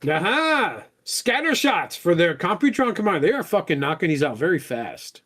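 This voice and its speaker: A man hosting a podcast, chatting casually, excitable and jokey with lots of swearing. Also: sits high, normal speed. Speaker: podcast host. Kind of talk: casual chat.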